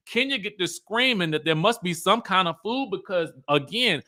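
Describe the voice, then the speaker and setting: Bright, high-voiced man recapping reality TV. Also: normal speed, hardly any pauses. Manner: animated, chatty, acts out quotes. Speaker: YouTube host. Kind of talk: casual TV recap commentary.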